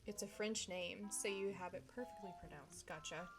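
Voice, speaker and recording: A woman's voice: medium pitch, normal speed. A woman streamer from Texas, chatting casually with viewers while she plays a game. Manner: chatty, talks to chat while playing. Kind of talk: casual gaming stream chat. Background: video game music.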